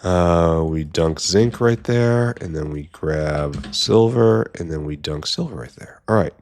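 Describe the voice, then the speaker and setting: A deep-voiced man talks his way through a long gameplay session at an unhurried pace, half to himself. His commentary is casual and dotted with dry, wry asides. Keyboard clicks and typing sit behind him. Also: animated, a little mellow. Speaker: gameplay streamer.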